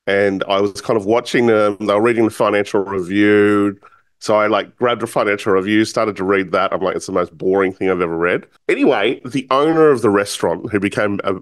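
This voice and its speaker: A man with a fairly low voice tells a personal story with animation. He acts out the other people's lines as he goes. The sound is dry, with no room echo. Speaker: speaker telling a personal story. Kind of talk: storytelling talk.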